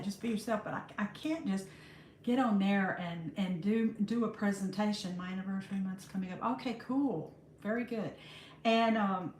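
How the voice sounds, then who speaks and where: A woman, hosting a casual livestream, chatting warmly with viewers and calling them honey. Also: mid-range voice, a little hiss or hum. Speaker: livestream host. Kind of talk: casual live chat greeting viewers. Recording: roomy echo.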